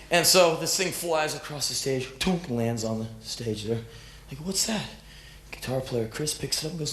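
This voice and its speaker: A man in his thirties performing live spoken word, telling a story in an animated, profane, self-mocking way and acting out the voices of others. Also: a little high, moderate pace, reverberant, a little hiss or hum. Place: stage before a live audience.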